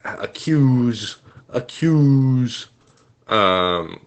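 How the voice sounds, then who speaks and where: A man's voice: medium pitch, lively intonation, extremely slow. A Canadian man co-hosting a podcast from home, talking casually with lots of fillers and hesitations. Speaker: podcast co-host. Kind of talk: casual chat. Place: home room.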